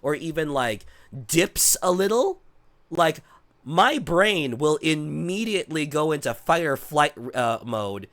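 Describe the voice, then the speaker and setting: A man's voice: fairly high pitch, big pitch swings, a little slow, fairly bright tone. Rambling man with a cold-worn voice. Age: 30s. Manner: rambling, restarts and swears often. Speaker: streamer. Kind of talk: casual chat to viewers.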